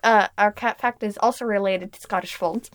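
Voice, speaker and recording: A woman hosting a casual podcast chat, reading notes aloud in a halting, giggly way. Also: mid-range voice, fairly even intonation. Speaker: podcast host.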